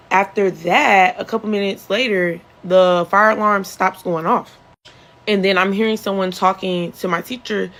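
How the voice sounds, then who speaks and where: A young adult woman recounts her own experience in a casual first-person storytime. She talks in an earnest, conversational way, with a medium-pitched voice. When she quotes others she lifts her pitch sharply. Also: a bit bright, low-quality recording. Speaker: storyteller, survivor recounting events.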